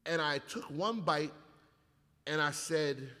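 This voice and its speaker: A man in casual comedic chat, telling animated, profane stories with acted-out quotes. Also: on the high side, slow. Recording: long hall reverb.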